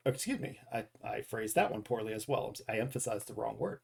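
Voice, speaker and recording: A man's voice: fairly low pitch, animated, a little fast, creaky, hardly any pauses, darkish tone, breathy edge. A man streaming a game, chatting casually and reading dad jokes, often correcting himself and chuckling at his own jokes. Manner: reads dad jokes aloud. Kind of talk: casual live stream chat.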